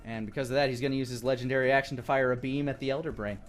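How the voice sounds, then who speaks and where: A man narrating and running a live tabletop game as dungeon master, relaxed as he tallies damage and describes the action. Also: mid-range voice, very fast, soft background music.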